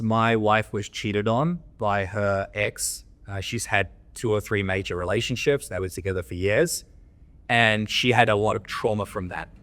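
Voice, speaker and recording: This Australian man speaks a little low, with a fairly bright tone. A men's coach appearing as a podcast guest, he's blunt and foul-mouthed, swearing freely in a coaching tone while telling candid interview stories.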